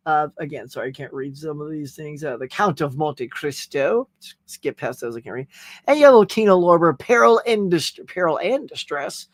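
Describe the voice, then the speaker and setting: Man, high voice, chatty and jokey host, casual stream talk, dry close sound. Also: lively intonation, fairly quick, no echo. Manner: chatty and jokey, talks straight to viewers. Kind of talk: casual live-stream chat.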